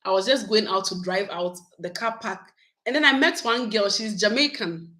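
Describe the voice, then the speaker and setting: A woman talks casually to her viewers from home. She is animated and chatty, laughing often as she goes. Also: mid-range voice, moderate pace, poor audio. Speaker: YouTube vlogger. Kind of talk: casual live chat with viewers.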